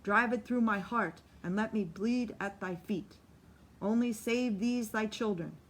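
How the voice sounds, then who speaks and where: A woman with a medium-pitched, natural voice speaks unhurriedly as she plays a tormented male tent-revival preacher. In fervent pleading, she has him beg and cry out in impassioned calls.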